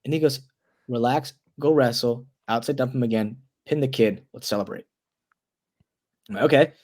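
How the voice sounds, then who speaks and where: A young man in his twenties, a guest on an interview show, telling a story in a loose, animated way, restarting words and leaning on "like". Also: mid-range voice, moderate pace. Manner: animated storyteller, acts out quoted voices.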